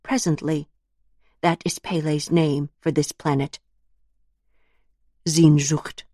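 Low, slow woman reading lyrical prose. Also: fairly even intonation, warm tone, dry recording, studio quality. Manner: measured, lyrical, reflective phrasing. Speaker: narrator. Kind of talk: literary audiobook narration.

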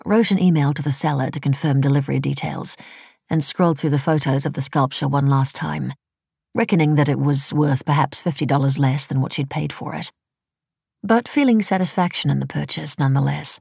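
A woman reading a story aloud in measured, dryly ironic audiobook narration on a close mic. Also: low-pitched, creaky, a little mellow, husky, no room sound.

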